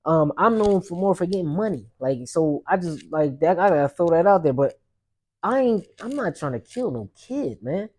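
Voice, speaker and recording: A man's voice: sits high, lively intonation, normal speed, a little mellow. A young adult man, a podcast host, telling a personal story in a loose, rambling way with street slang and lots of fillers. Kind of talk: casual storytelling monologue.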